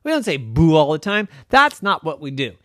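A man's voice: on the high side, sing-song, bright, forceful tone, no echo, clean studio sound. A man voicing a touchy, chatty male ghost who rants indignantly about being teased. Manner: rapid, indignant ranting.

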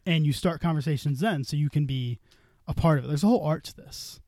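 A man's voice: on the high side, quick pace, mellow, no room sound. A man telling a long story on a casual podcast, swearing freely and acting out the dialogue. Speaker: podcast co-host.

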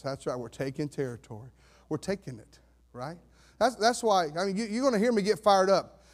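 A man preaching a sermon as pastor, fervent, swinging between fired-up shouts and hushed asides. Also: high-pitched, expressive, a little fast. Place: church sanctuary.

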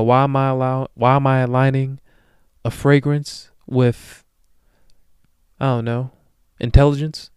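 A young man hosting his own podcast, ranting jokingly in slang and swinging between loud bursts and low mutters. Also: clean tone, no echo, clean studio sound. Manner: profane, joking rants with slang. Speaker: podcast host. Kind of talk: solo podcast monologue.

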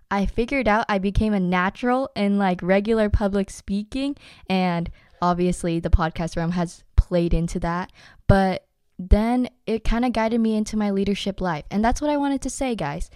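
Earnest young woman podcaster, smooth clear voice. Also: mid-range voice, dark tone, dry recording, clean studio sound. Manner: earnest, encouraging, addresses listeners as guys. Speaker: podcast host. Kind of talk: motivational podcast monologue.

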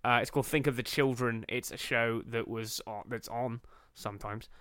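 A man's voice: mid-range voice, steady tone, moderate pace, pushed and bright, clear, resonant tone, no echo, studio quality. A man co-hosting a comedy podcast, riffing crudely and laughing as he swears freely through the banter. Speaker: podcast co-host.

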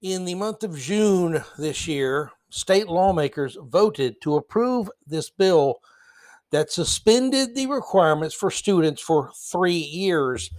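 A sarcastic male podcast host giving solo commentary with exasperated, mocking asides to his listeners. His voice sits on the higher side for a man, and the sound is close and dry. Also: lively intonation, slow, a little mellow, dry recording.

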